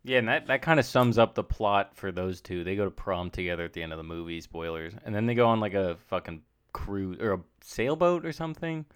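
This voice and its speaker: Podcast co-host, young man, lower voice, dry wit. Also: expressive, fairly quick, hardly any pauses, smooth. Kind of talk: casual movie-recap chat.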